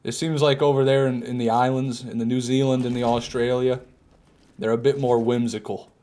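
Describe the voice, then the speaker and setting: A man's voice: mid-range voice, little pitch movement, a little fast, warm tone. A man streaming a game live, rambling and joking, answering chat questions and swearing now and then. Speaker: gaming streamer. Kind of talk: casual live gameplay commentary.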